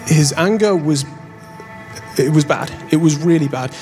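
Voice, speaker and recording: A man's voice: fairly high pitch, measured pace, a little mellow, soft background music. A young English man doing stand-up, telling a story on stage in a wry, self-deprecating way. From England. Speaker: stand-up comedian. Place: on stage before a live audience.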